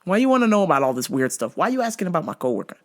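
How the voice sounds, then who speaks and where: A middle-aged woman hosts her own show and tells a story as a casual rant. She swears freely, gets animated and breaks into laughter often. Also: lowish voice, very fast. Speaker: show host.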